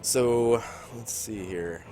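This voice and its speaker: A man running a tabletop game as game master, describing scenes haltingly with many ums and pauses. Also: lowish voice, music in the background. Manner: halting, full of ums and throat-clearing.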